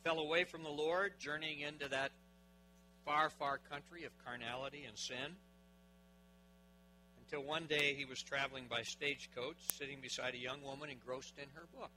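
A man preaching a sermon, dramatic, with big swings in loudness, asking his listeners questions. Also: a little high, steady tone, normal speed, slight background noise, poor audio.

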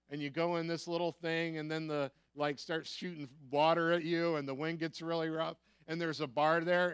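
A man's voice: a little high, a bit bright, clear, resonant tone, dry recording. An American man preaching a sermon as pastor, emphatic, repeating key phrases and asking the listeners rhetorical questions.

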